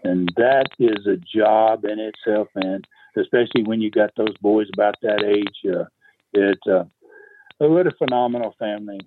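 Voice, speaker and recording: On a tinny phone line with a faint hiss or hum, an older man who once promoted wrestling shares loose, rambling stories from that era as an interview guest. His voice is on the low side and his pace moderate, with frequent fillers and chuckles.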